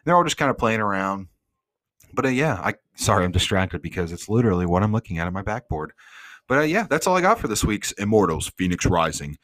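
A man's voice: fairly low pitch, very animated, quick pace, fairly bright tone, no echo. A man hosting a podcast, talking through a video game in a casual, rambling way with lots of fillers, from his home studio. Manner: rambling, with many fillers and asides. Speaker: podcast host. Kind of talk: casual gaming recap.

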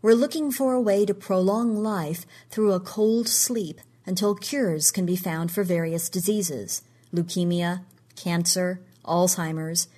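A calm, measured male scientist explains himself in a steady, level way, voiced by a woman narrator. The voice is low and husky, with no hurry in it, like a composed man in a storybook reading. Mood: calm, explaining.

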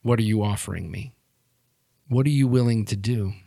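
A man doing a cold, slow-talking crime boss. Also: on the low side, vocal fry, dry recording, studio quality. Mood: menacing. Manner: slow, quiet, measured threats.

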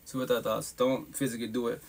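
His voice is gravelly and medium-pitched with a level tone, and he talks quickly. He hosts a live podcast stream as a casual monologue, swearing freely and speaking bluntly. He adds emphatic asides and laughs often.

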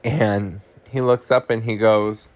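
This podcast host is a man whose voice sits low and steady, and he takes his time. He gives a relaxed recap of a horror comedy, full of laughter, cursing, and plenty of "like" and "um."

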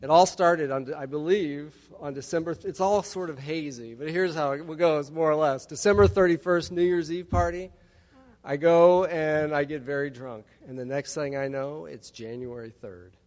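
Man in his 50s, slightly high voice, wry personal testimony with jokes, long hall reverb. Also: fairly even intonation, moderate pace, a little mellow. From Texas. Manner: wry storytelling with humorous asides. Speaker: recovery meeting speaker. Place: large hall at a conference.

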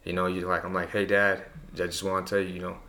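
Low gravelly man telling stories. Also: fast, slight background noise. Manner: relaxed storytelling with many fillers. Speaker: guest. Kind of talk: casual conversation.

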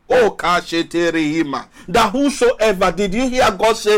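A male pastor preaching a sermon emphatically, repeating phrases and drawing out his words between pauses. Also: sits high, fairly bright tone. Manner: emphatic preaching with long pauses and rising calls.

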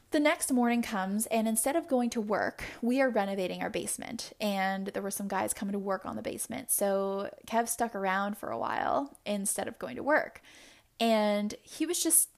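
A young woman hosts a solo podcast and talks candidly about her own life. Her voice carries a gravelly, fry-touched edge. She rambles openly and confessionally, leaning on filler words as she goes. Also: mid-range voice. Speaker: podcast host.

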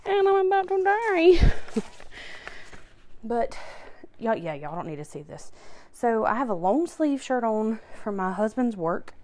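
A woman's voice: on the high side, sing-song, takes it slowly, long pauses, a little mellow. A young woman, out of breath, chatting casually on her podcast while tidying, laughing often and poking fun at herself. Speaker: podcast host.

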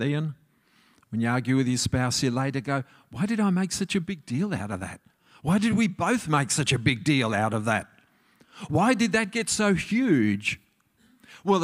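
A middle-aged man talks to an audience as a marriage counsellor. His delivery is conversational and easygoing, and he often turns to them with questions. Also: mid-range voice. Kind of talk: relaxed talk to a live audience.

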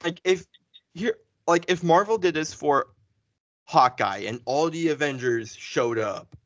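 A man co-hosting a podcast, chatting casually and excitedly through a spoiler review, full of fillers and restarts. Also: fairly high pitch, measured pace, dry recording. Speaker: podcast co-host. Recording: dull lo-fi sound.

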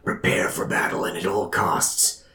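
A man's voice: sits low, little pitch movement, measured pace, pushed and bright, reverberant. A man voicing a mysterious divine voice inside someone's mind, in a dramatic, solemn whispered role-play.

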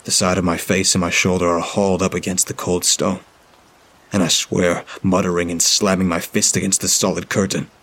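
A man narrating a horror story in a grim, steady first-person reading. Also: low voice, normal speed, breathy edge.

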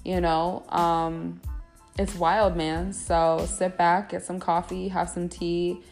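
A woman's voice: on the low side, little pitch movement, takes it slowly, gravelly, darkish tone, faint music behind. A young American woman hosting a casual podcast, talking in a chatty, slangy way with many fillers. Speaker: podcast host.

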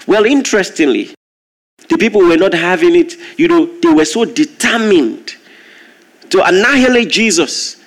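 A man preaching a sermon, telling a story with lively, animated delivery and acting out the voices in it. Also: on the high side.

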